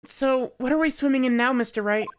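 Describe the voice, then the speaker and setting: A woman voicing an earnest young female assistant in a bright questioning tone, over game music. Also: sits high, a little fast, slight background noise, voice pushed up, lightly acted. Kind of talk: voicing a game character on a livestream. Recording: game music playing underneath.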